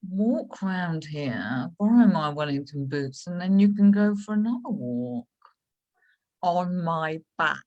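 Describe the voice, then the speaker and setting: A woman's voice: lowish voice, lively intonation, slow pace, darkish tone, lo-fi sound. A woman playing a swooning, flirty admirer. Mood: flirtatious. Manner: breathy, suggestive drawl. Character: flirtatious, overeager woman who swoons over a lord. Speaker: improv performer. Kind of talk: improvised comedy scene. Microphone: video call.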